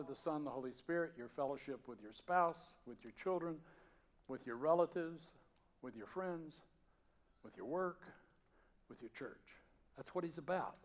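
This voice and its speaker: A man's voice: fairly high pitch, moderate pace, long pauses. Storytelling Southern-raised man preaching. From Georgia mountains, US South. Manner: conversational, storytelling, dynamic swings from loud to hushed. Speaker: pastor. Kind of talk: sermon.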